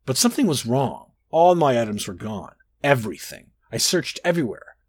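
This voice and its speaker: A man reading a dark first-person fantasy story aloud, brooding and expressive with dramatic rises and drops. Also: medium pitch, moderate pace, husky, dry recording. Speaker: narrator.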